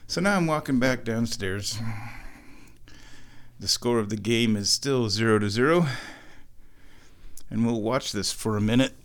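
A man's voice: medium pitch, unhurried, long pauses. A man vlogging at home, narrating his chores step by step in a casual running commentary. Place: home, kitchen then downstairs.

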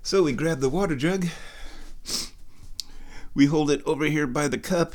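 A man hosting a casual vlog, talking slowly and playfully, now and then slipping into high baby talk, a bit stuffy from sinus trouble. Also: a little mellow. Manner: slow, drawling and playful, with high baby talk to his cat. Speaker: vlog host.

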